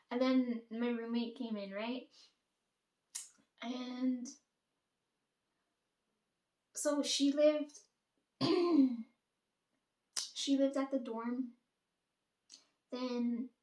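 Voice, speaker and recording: A young woman rambles through a casual storytime, swearing freely and quoting what others said to her. Her voice sits a little high and carries a roomy echo. She is some distance from the mic. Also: darkish tone.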